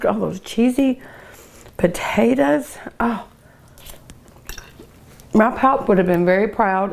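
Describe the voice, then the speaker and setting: Older southern lady from kentucky, tasting her cooking real slow, lots of mmm and oh my gosh. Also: mid-range voice, creaky, darkish tone. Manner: savoring, gushing over each bite with hums and sighs. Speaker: cooking show host and restaurant owner. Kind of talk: food tasting show.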